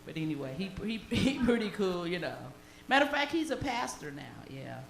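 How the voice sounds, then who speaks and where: A woman from the Deep South with a Southern accent, performing bawdy, animated live stand-up comedy and laughing at her own jokes. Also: brisk, gravelly, poor audio. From Deep South of the United States. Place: comedy stage before a live audience.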